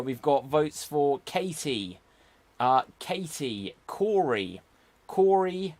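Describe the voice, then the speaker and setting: An upbeat man hosts an online improv comedy show, calling on the judges and reading out audience votes. He speaks slowly and deliberately, in a voice that sits a little high for a man.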